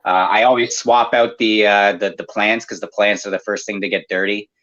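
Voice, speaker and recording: Speaking at a moderate pace, this Canadian aquarium maintenance business owner has a voice on the low side, steady and fairly bright. He's chatting casually on a podcast, explaining things at length with lots of fillers. The highs are cut off in the recording.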